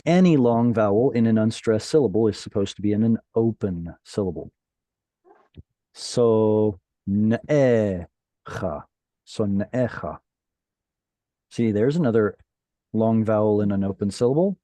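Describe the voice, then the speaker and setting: A man's voice: lowish voice, unhurried, pauses often, warm tone, no echo. A man teaching a Hebrew class over a video call, patiently explaining and quizzing his students.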